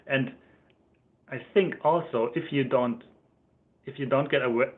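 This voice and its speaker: A German-accented man hosts a casual livestream, rambling from one thought to the next and chuckling as he goes. His voice sits at an ordinary middle pitch. The sound comes through thin and tinny, as if over a phone line. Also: slow. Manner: chatty, rambling, laughs often, reads out chat comments. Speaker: livestream host.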